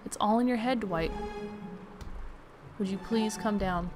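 Woman reading as a calm reassuring young man. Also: medium pitch, a little slow, over music, natural voice. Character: calm steady young male patient.

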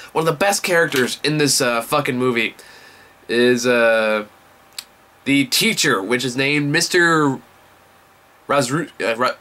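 A man's voice: medium pitch, bright, forceful tone. A young man giving a casual vlog movie review, enthusiastic and rambling, swearing often.

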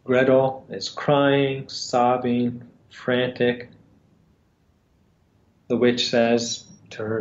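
A man retelling a fairy tale for a lesson, speaking in a slow, halting way with pauses and fillers. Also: mid-range voice, steady tone. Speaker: storyteller and teacher. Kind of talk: storytelling in a lesson. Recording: roomy, slightly dull sound.

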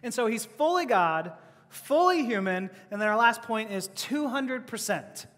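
A man's voice: very high voice, expressive, a little slow, fairly bright tone. A man preaching a sermon as pastor, conversational, with rhetorical questions and laughing asides. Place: church hall. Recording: long hall reverb.

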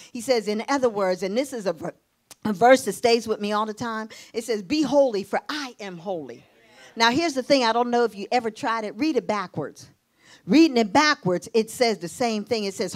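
A middle-aged woman preaching a sermon, telling stories lively with laughter and sudden rising exclamations. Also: mid-range voice. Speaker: pastor.

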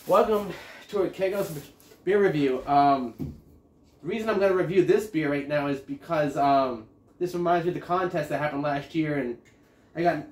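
A man's voice: on the high side, slight background noise. Rambling, stammering guy heard from afar. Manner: rambling, stammering, profane storytelling. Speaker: homebrewer reviewing beer. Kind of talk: casual rambling vlog. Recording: echoey room, distant from mic.

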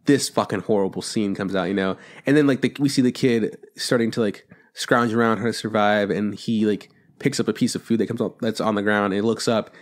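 A man's voice: on the low side, steady tone, brisk, hardly any pauses. A man co-hosting a podcast, rambling casually about a film he watched, and swearing a lot as he retells the scenes. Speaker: podcast co-host.

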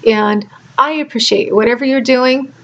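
A middle-aged woman vlogger speaking gently and earnestly to caregivers, emotional and close to tears. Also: high-pitched, moderate pace, dull audio. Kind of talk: heartfelt direct-to-camera talk.

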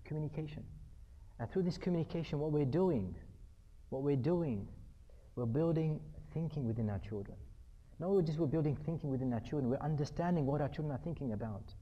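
A man's voice: on the high side, fairly quick, muffled recording. A man giving a conversational talk on parenting. He acts out everyday family dialogues and repeats his key points. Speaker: speaker on parenting. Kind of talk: conversational lecture.

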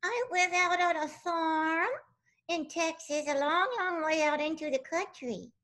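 A woman's voice: very high voice, steady tone, unhurried, a bit bright. A woman voicing a young girl pig puppet who is childlike and easily upset, in a children's puppet show. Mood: cheerful. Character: young female pig puppet, sweet and excitable.

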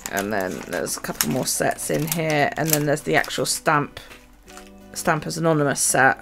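A chatty woman vlogging about her journal, her voice low-pitched and heavily gravelly. She rambles on in a relaxed way, full of ums and small asides, with soft guitar music playing faintly behind her. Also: moderate pace. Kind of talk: casual chat.

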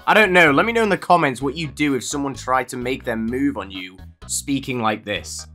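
A man's voice: medium pitch, a little fast, pushed and bright, faint music behind. A man doing comedic reaction commentary, sarcastic and mocking, with lots of rhetorical questions. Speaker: commentary youtuber.

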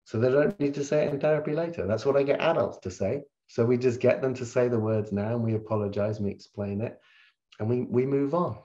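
Middle-aged male therapist guest, candid storyteller, animated delivery, slightly lo-fi call sound. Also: mid-range voice, a little fast. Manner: animated, swings loud when reliving stories. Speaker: guest speaker, hypnotherapist.

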